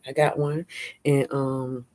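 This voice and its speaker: Low-voiced chatty woman streaming live. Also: level tone, slow pace, darkish tone. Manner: chatty and candid, laughs often, slangy. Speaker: vlogger hosting a live stream. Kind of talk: casual live-stream chat. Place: outdoors at a fair.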